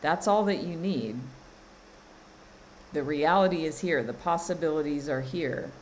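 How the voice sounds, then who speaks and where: A low-pitched woman talks slowly on a live stream, leaning hard on her key phrases and repeating them. She runs a spiritual coaching session, with a faint hiss of room noise under her voice. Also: darkish tone, poor audio. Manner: slow, emphatic, repeats phrases, laughs often. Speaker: spiritual coach and card reader.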